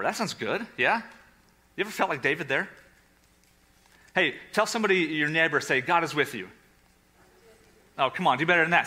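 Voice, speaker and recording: A man preaching a sermon to a congregation and an online audience, animated, with sarcastic asides and hushed, quiet passages. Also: fairly high pitch, moderate pace, long pauses. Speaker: pastor. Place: church with a livestream audience.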